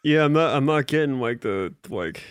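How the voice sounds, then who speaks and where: A man's voice: mid-range voice, expressive, normal speed, smooth, no room sound. A young man in a casual podcast chat, questioning his friends with skeptical remarks. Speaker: podcast co-host.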